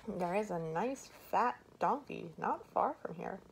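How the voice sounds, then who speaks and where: A woman's voice: medium pitch, lively intonation, a little slow, creaky, a little hiss or hum, rough recording. A woman voicing a polite, careful female rabbit in a storybook reading.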